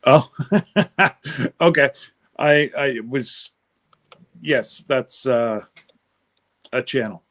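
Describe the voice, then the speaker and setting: Male livestream host from Canada; unhurried, rambling chat with viewers, mid-range voice. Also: medium pitch, a bit bright. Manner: rambling, answers live chat comments aloud.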